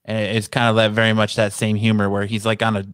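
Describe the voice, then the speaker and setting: A man's voice: lowish voice, completely flat delivery, fast talker, a bit bright, clear, resonant tone, no room sound. A man on a podcast animatedly retelling favorite film moments in a casual chat. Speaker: podcast guest.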